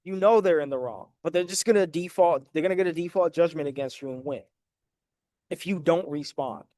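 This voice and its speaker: His voice is a little high and mellow, his delivery brisk, and the studio-quality recording has no room sound. Explaining debt collection letters over documents, the educator speaks casually but with emphasis, calling viewers "guys" and often asking "right?".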